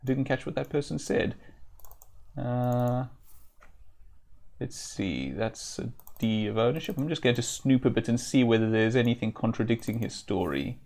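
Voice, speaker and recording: Game streamer, man, gravelly, casual musing play-by-play. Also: medium pitch, lively intonation, normal speed, a little mellow. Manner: thinks aloud, reads game text, many fillers. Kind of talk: live-stream gameplay commentary.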